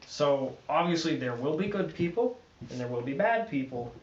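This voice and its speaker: A man's voice: on the high side, animated, moderate pace, slight background noise. Brief: earnest male player, recorded from afar in a roomy space, dull sound. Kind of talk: tabletop game banter. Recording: distant, roomy, muffled mic.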